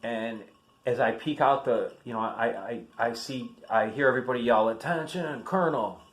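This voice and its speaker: A man in his fifties chats through an army story in a loose, rambling way. He circles back and restarts his sentences, like a veteran talking to friends. His voice sits at an everyday middle pitch. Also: steady tone, normal speed. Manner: rambling, chatty, many fillers and restarts. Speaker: army veteran showing family military keepsakes. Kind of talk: casual storytelling vlog.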